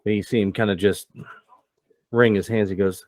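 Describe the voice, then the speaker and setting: Low-voiced man narrating as game master. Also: steady tone, normal speed, long pauses, darkish tone, no echo. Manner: casual, rambling, many fillers.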